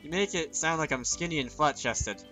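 A man's voice: fairly high pitch, moderate pace, pushed and bright, soft background music. A man voicing a stern, aloof young woman with a dry, scolding delivery in a visual novel reading.

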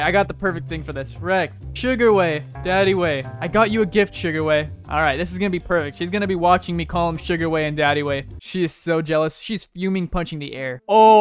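A young man with a high, light voice runs through an excitable, mischievous gameplay commentary, talking straight to his viewers. Faint music plays underneath. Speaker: gaming YouTuber.

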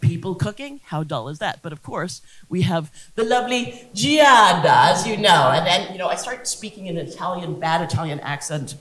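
A woman giving a humorous lecture on science communication as a guest speaker, animated and jokey, acting out quotes. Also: lowish voice, moderate pace, few pauses. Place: lecture hall. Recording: roomy hall echo.

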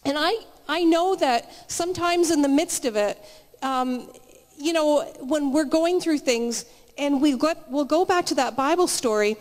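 Chatty high-voiced woman preaching. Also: measured pace. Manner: chatty, storytelling, frequent restarts. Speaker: guest speaker at church meeting. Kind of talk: conversational sermon. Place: church hall, live meeting. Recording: reverberant live church hall.

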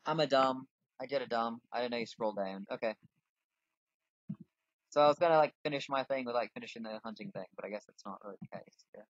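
With a mid-range voice and a fast way of talking, this gaming channel host rambles through casual let's-play commentary, teasing himself and thinking out loud as he plays. No echo is present, and the dry mic sounds dull and lo-fi.

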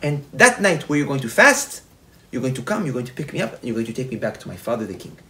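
A man's voice: medium pitch, sing-song, fast talker, fairly bright tone, rough recording. A man voicing a lost princess in a told story, earnest and instructing. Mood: pleading. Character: lost princess, young woman, pleading.

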